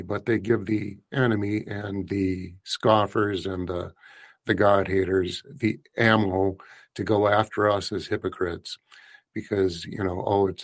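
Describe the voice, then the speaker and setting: A man co-hosting a faith talk show, talking conversationally with fillers and taking questions from callers. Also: fairly low pitch. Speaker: host.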